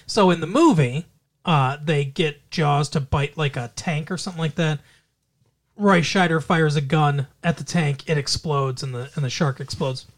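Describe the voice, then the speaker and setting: A podcast co-host in casual movie chat, rambling through plot retellings in an animated way. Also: mid-range voice, moderate pace.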